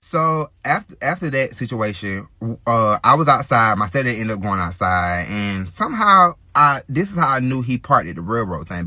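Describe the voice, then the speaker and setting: A man's voice: medium pitch, pushed and bright, no room sound. A man telling a graphic personal story in a casual vlog, speaking straight to his viewers in a raw, unfiltered way. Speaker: storytime vlogger.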